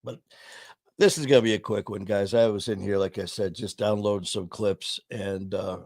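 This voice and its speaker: A middle-aged man hosts a live stream from his home studio, rambling through stories in casual talk packed with "uh" and "you know." His voice is lowish and darkish, with fairly even intonation at a normal speed. The recording, made on a studio mic, is dry and studio quality.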